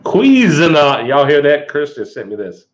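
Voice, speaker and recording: A man's voice: mid-range voice, brisk, lo-fi sound. A man hosting a casual live stream, rambling and folksy with frequent chuckles. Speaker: outdoor channel host.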